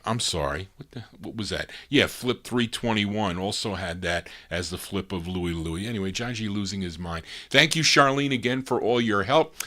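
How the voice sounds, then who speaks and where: A man hosting a live record show, hoarse from losing his voice, talking in a laid-back, rambling way and correcting himself as he goes. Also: on the low side, fairly bright tone. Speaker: radio-style DJ host. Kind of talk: casual live DJ chat between records.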